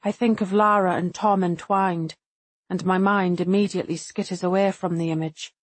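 A woman narrating a first-person audiobook in a measured, introspective way, lightly voicing the other characters. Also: lowish voice, steady tone, no room sound.

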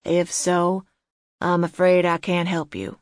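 A woman doing a gruff, wizened old man. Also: fairly low pitch, completely flat delivery, no echo, clean studio sound. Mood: guarded, gruff. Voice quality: gruff, hoarse. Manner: terse, evasive, slow replies.

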